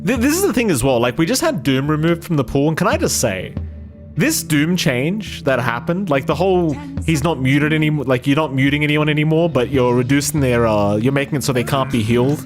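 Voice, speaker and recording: Rapid-fire male esports caster, jokey and rambling, faint music behind. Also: on the high side, animated. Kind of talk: esports casting and banter.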